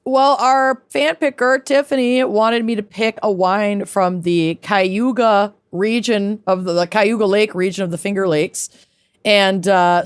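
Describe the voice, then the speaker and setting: A woman's voice: on the low side, clean tone, no room sound. A woman co-hosting a podcast, chatty and enthusiastic in casual talk. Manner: enthusiastic, chatty, laughs while talking. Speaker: podcast co-host. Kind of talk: casual chat.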